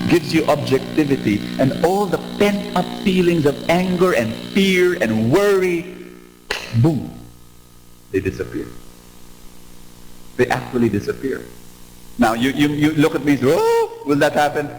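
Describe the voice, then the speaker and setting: A man preaching a sermon in a large church, animated and drawing the audience in with questions. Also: on the high side, unhurried, pauses often, a little hiss or hum. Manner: animated, asks audience to respond. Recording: echoey hall with music behind.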